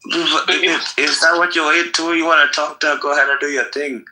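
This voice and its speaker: A man's voice: a little high, little pitch movement, fairly quick, bright, forceful tone, rough recording. A man hosting a livestream who keeps hurling repetitive insults in heated banter. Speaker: livestream host.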